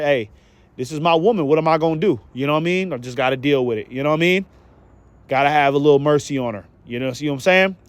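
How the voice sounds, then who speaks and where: A man's voice: fairly high pitch, no room sound. A man giving a casual, profane religious exhortation, full of repetition and fillers, earnest and exhorting. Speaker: street preacher.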